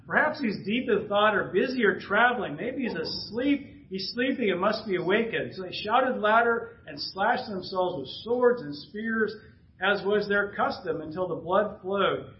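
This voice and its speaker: A man preaching a sermon and reading scripture aloud, clearing his throat often and dropping casual asides between passages. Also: sits high, roomy sound, highs cut off. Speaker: pastor. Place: church sanctuary.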